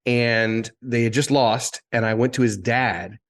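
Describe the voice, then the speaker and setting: This interview guest, a man in his 50s from Indiana who once worked as a TV sports and entertainment reporter, recounts animated, rambling anecdotes at a measured pace. His pitch is ordinary and mid-range, and he tends to loop back and restart partway through sentences as a story takes shape.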